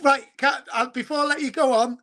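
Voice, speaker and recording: A man's voice: very high-pitched, steady tone, brisk, crowd noise. A man from Wales, chatting as a guest in a rambling, chummy way and calling the host mate. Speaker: guest, football show presenter. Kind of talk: casual chat.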